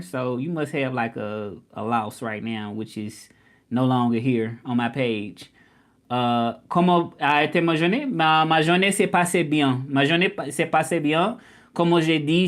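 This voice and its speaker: Young southern guy from memphis, livestream chat, gets worked up at haters, regular mid voice. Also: medium pitch. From Memphis, Tennessee, US. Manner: animated, indignant at doubters, drawling. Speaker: livestream host. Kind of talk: casual livestream chat reading comments.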